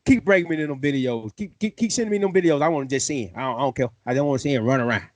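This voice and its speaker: A man hosting a sports fan show, excitable and playful, full of slang. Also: medium pitch, rapid-fire, no room sound. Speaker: host. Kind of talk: fan sports podcast talk.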